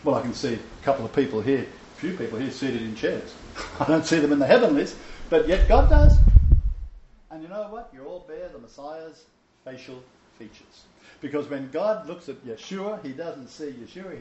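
A man's voice: on the high side, animated, normal speed, a little mellow, reverberant, lo-fi sound, a little hiss or hum. A man teaching a Bible lecture to a small seated audience, emphatic and joking, with chuckling asides. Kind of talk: informal sermon lecture.

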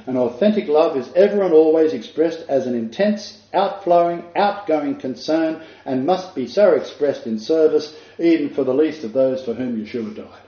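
An older man preaches in an earnest, emphatic way, with asides to his listeners. His voice is mellow and dark. The recording is dull and echoey, as if taken in a hall. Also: on the high side, moderate pace, few pauses. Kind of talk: sermon.

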